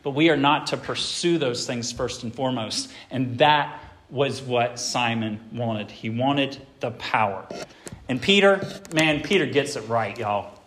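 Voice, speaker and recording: A middle-aged man preaching a sermon to his church, swinging between loud emphatic stretches and quieter ones. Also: mid-range voice, a little slow. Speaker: pastor.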